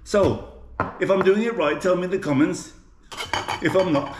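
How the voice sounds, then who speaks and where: Brummie guy cooking on his vlog, kinda high voice, rambly and jokey, roomy echo. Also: slow pace, long pauses, noisy background. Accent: Birmingham. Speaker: cooking vlogger. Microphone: GoPro camera. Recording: echoey room.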